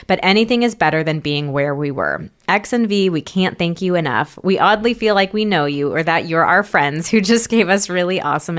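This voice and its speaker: A woman's voice: on the low side, a bit bright. A woman co-hosting a podcast, chatting casually and reading listener messages aloud in an upbeat way. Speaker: podcast co-host.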